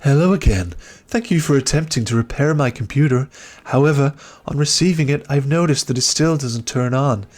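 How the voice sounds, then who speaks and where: A man's voice: mid-range voice, normal speed, few pauses, a little mellow, pitched above the performer's own voice, close to an everyday voice. A man reading out an email as an earnest new-age hippie woman customer, in a mild put-on hippie voice.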